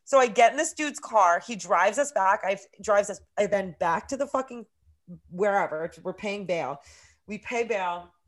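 A woman's voice: mid-range voice, normal speed. A woman in her thirties co-hosting a podcast, telling a story with lots of swearing and energy. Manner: animated storytelling, heavy swearing. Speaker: podcast co-host. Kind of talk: casual chat.

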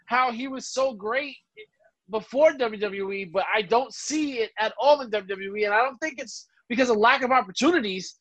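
A man's voice: very high voice, brisk, few pauses, fairly bright tone, rough recording. A man co-hosting a casual podcast chat, giving blunt, dismissive opinions. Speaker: podcast co-host. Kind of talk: casual wrestling review chat.

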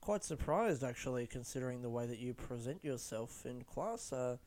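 Brief: man doing a prim course coordinator, hushed and measured. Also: medium pitch, animated, natural voice. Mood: formal. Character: stiff, formal course coordinator praising a student.

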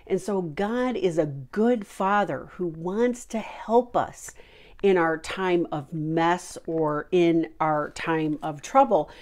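Middle-aged woman, devotional speaker; slow, unhurried, earnest, somewhat low voice, lots of "you know.". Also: darkish tone. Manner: earnest, heartfelt, many fillers. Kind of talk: informal devotional talk.

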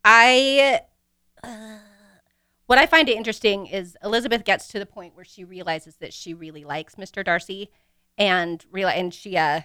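A woman's voice: mid-range voice, moderate pace, pushed and bright, clear, resonant tone, dry recording, clean studio sound. A woman co-hosting a casual book podcast, chatty, giggly and self-deprecating.

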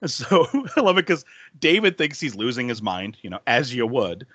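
A man's voice: medium pitch, big pitch swings, moderate pace, fairly bright tone, husky, no room sound. A man co-hosting a casual film podcast, enthusiastic and giggly, who swears casually and laughs often. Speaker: podcast co-host.

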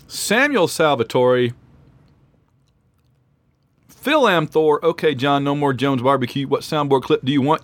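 Mouth full of hot peppers, a male podcast host chats through a casual sports show and rattles off patron names quickly. His voice is a little high with lively intonation, and there's no room sound.

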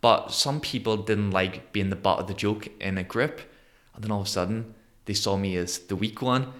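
A man in his thirties from Northern Ireland with a Northern Irish accent, a podcast guest telling his story in an animated way and acting out the voices of people he quotes. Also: lowish voice, normal speed. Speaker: guest, motivational speaker. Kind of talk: conversational storytelling interview.

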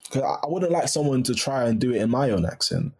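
A man's voice: mid-range voice, expressive, fast talker, a little mellow, breathy edge. A young man talking as a podcast guest in a casual, chatty way with frequent restarts and laughs.

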